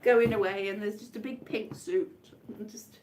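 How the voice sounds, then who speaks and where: A woman's voice: mid-range voice, steady tone, normal speed, a little mellow, slight background noise. A woman chatting casually on a live stream from home, rambling between tangents. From Wales. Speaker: comedian live-streaming to viewers. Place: indoors at home.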